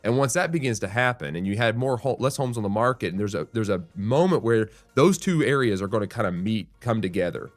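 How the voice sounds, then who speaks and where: A man's voice: lowish voice, lively intonation, brisk, few pauses, dry recording. A man hosting a real estate show, explaining market news in a conversational, thinking-aloud way with restarts and frequent "right?" asides.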